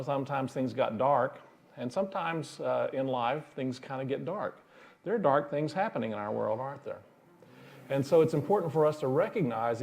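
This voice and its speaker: A man's voice: mid-range voice, vocal fry, darkish tone. A male minister giving a sermon in a folksy storytelling manner, chuckling at his own jokes.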